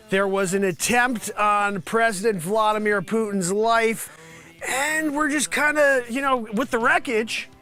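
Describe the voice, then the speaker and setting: A man plays a roving news reporter in a comedy vlog, rambling along in a mock-serious deadpan. His voice sits high and bright. Faint music plays behind him.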